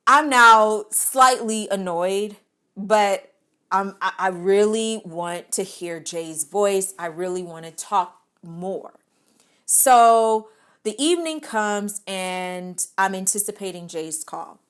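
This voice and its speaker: A woman telling a comic personal story on a podcast, animated and expressive, laughing often and stumbling over words when worked up. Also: mid-range voice, takes it slowly, clear, resonant tone.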